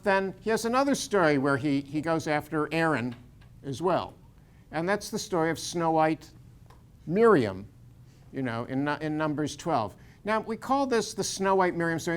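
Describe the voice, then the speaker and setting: A man's voice: on the high side, expressive, normal speed, fairly bright tone. An older man, a Bible scholar, gives an informal lecture full of anecdotes, with frequent fillers and restarts. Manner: digressive, many fillers and restarts.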